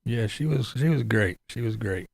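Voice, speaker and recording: A man's voice: mid-range voice, animated, normal speed, gravelly, darkish tone, husky. A man hosting a casual livestream, greeting viewers by name and chatting loosely. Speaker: livestream host.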